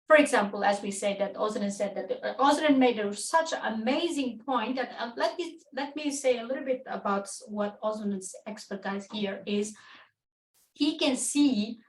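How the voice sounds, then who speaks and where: Enthusiastic high-voiced woman hosting a webinar. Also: normal speed, echoey room, recorded from a distance, low-quality recording. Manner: enthusiastic, acts out quoted dialogue, laughs often. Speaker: webinar co-host. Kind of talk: webinar talk.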